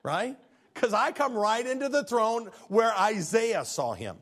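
Middle-aged pastor preaching a sermon, fairly high male voice, swings from hushed to shouting. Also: expressive, unhurried.

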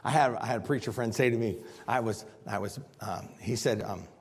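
A man's voice: lowish voice, fairly quick, hardly any pauses, husky, big-room sound. A man preaching a sermon on scripture, acting out the people he quotes with big swings in voice. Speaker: pastor.

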